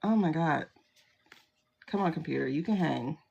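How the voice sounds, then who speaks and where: A woman's voice: low voice, lively intonation, normal speed, gravelly, darkish tone, dull audio, slight background noise. A woman hosting a casual livestream tarot reading, chatty and full of exclamations, greeting viewers by name as she talks into a phone. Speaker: tarot reader livestream host.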